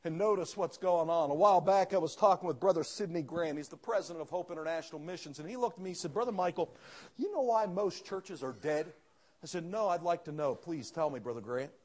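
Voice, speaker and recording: A pastor preaching a sermon, telling a story with quoted dialogue and rising to fervent outbursts. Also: male voice, on the high side, quick pace, few pauses, a little mellow.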